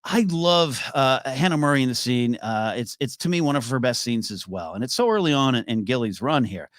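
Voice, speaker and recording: A man hosting a solo podcast, giving an animated, enthusiastic recap commentary of a TV episode. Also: medium pitch, fairly quick, no echo, clean studio sound. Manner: animated, enthusiastic, many restarts. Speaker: podcast host.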